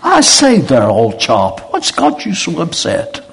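A man's voice: huge pitch swings, slow pace, gravelly, a little hiss or hum, full character voice. A man voicing an oil magnate who returns speaking in an affected, put-on posh British accent. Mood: haughty. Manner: high, loud, affected.

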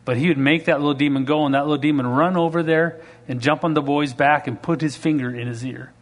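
A fast-talking man with a voice on the high side preaches a sermon built around stories, acting out the people in them. His animated delivery climbs into emphatic, rising passages full of acted-out quotes.

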